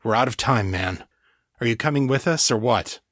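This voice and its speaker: A man voicing a steady, reassuring man who speaks in a calm, reasonable way. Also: mid-range voice, normal speed, dry recording, clean studio sound.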